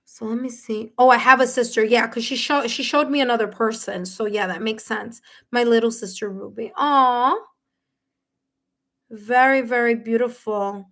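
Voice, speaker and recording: A woman reading tarot live for her viewers, talking warmly and emotionally, with many fillers and restarts. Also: fairly high pitch, fairly even intonation, normal speed. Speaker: tarot reader and medium. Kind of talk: live-stream reading, casual chat with viewers.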